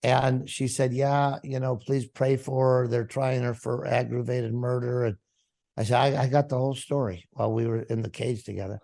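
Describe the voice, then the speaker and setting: Male pastor, gravelly, mid-pitched; storytelling testimony with acted-out dialogue. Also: flat delivery, moderate pace, mellow. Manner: storytelling, acting out quoted dialogue. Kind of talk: testimony told to a congregation.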